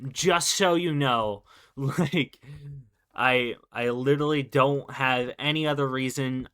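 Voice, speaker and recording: A man hosting his own gaming channel, chatting casually over play. His voice is bright and clear-edged, and he wanders off on asides, padding them with ums and jokes at his own expense. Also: mid-range voice. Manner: rambling, filler-heavy, self-deprecating. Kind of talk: casual gameplay commentary.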